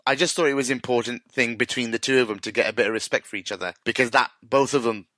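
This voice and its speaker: A man's voice: mid-range voice, fast, bright, forceful tone, no echo. A man hosting a podcast, chatting animatedly, laughing and swearing freely. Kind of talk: casual chat.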